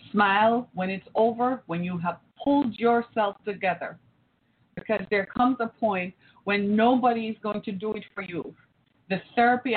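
Animated woman telling a story over a tinny line. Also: medium pitch. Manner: animated, acts out quoted voices. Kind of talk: storytelling to an audience. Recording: tinny phone-like line with faint noise.

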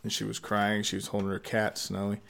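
A man's voice: fairly low pitch, completely flat delivery, brisk, creaky, fairly bright tone. A man reading a fairy tale aloud, breaking off into rambling, profane comic asides. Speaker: storyteller.

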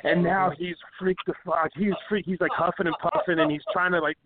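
A man's voice: high voice, fairly even intonation, brisk, crowd noise. A man hosting a wrestling radio show, telling a long profane backstage story in a loose, rambling way full of fillers. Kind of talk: casual storytelling. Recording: tinny phone-line sound with faint hiss.

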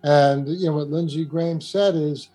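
A man's voice: fairly high pitch, fairly even intonation, moderate pace, mellow, poor audio. A man with a New York accent, earnestly talking through politics in a rambling, restarting way. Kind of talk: casual political talk.

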